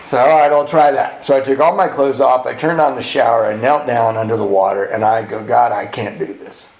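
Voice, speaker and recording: A man's steady, mid-range voice moves at a fairly quick clip as he recounts his personal recovery openly at a men's retreat, performing other people's lines as he goes. The retreat hall lends the audio a roomy echo.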